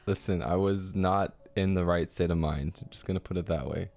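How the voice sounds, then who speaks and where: A man's voice: deep voice, steady tone, brisk, gravelly, a little mellow. A young man in casual chat, defensive and joking about himself. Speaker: guest. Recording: noisy recording.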